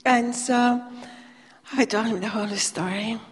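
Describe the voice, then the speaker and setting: A woman's voice: fairly high pitch, unhurried, husky. Woman preaching a testimony in a hall. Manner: animated storytelling, acting out dialogue. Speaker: preacher telling her testimony. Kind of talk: testimony sermon. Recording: long hall reverb.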